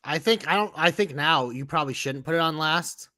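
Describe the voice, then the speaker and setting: Podcast co-host, male, animated swearing rant, dead-dry close mic. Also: a little high, fairly quick, no echo. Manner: animated ranting, swears freely. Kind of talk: casual wrestling chat.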